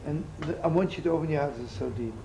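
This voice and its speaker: Gravelly rabbi with a lilt. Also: male voice, fairly high pitch, fast, rough recording. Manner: warm storyteller, acts out voices in his jokes. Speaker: rabbi giving a talk. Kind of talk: storytelling sermon with jokes. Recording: live talk with faint room noise.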